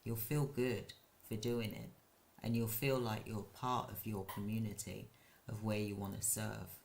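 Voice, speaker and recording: A man who runs a care business, hosting a live stream and giving casual advice in a slow, halting way with frequent restarts. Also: on the low side, fairly even intonation, gravelly, a little mellow, a little hiss or hum.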